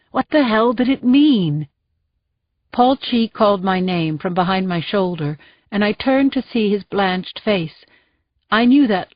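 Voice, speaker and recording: A woman reading a first-person thriller audiobook in a tense, measured way. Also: mid-range voice, dry recording. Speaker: audiobook narrator. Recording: dull, dry studio sound.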